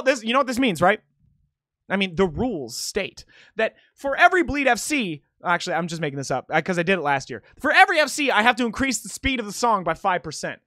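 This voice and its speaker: A young man streaming a rhythm game, chatting casually, swearing freely and shouting when he celebrates. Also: a little high, no room sound, clean studio sound. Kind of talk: casual live-stream chat while gaming.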